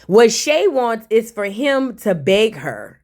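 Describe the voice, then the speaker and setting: A woman's voice: fairly high pitch, very animated, slow pace, a little mellow. A woman giving a blunt, sassy, casual recap of a reality TV episode, throwing in mocking asides and slang.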